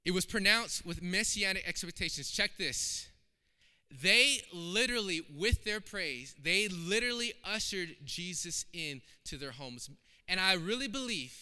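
A man's voice: sits high, bright, forceful tone, clean tone. A man preaching a sermon in a church, emphatic and impassioned, repeating phrases for weight. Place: church sanctuary. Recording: long hall reverb.

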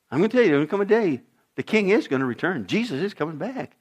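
A man preaching with a high, lively voice that leaps up and down in pitch. He moves between hushed, earnest passages and loud, forceful emphasis. He often speaks straight to his listeners with questions. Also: quick pace. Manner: dramatic shifts in volume, acting out voices; direct questions to the congregation. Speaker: pastor. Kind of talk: sermon.

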